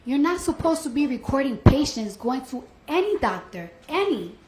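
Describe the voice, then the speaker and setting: A woman's voice: sits high, sing-song, normal speed, darkish tone. A woman testifying in court, speaking bluntly and colloquially as she retells what happened. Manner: blunt, colloquial, retells events with quoted dialogue. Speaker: trial witness. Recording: echoey courtroom audio with faint noise.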